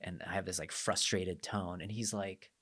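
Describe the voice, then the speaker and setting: A young man hosting a podcast, telling stories in a lively, animated way and acting out his own quotes. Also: deep voice, normal speed. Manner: animated storyteller, acts out quotes. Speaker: podcast host. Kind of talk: casual podcast chat.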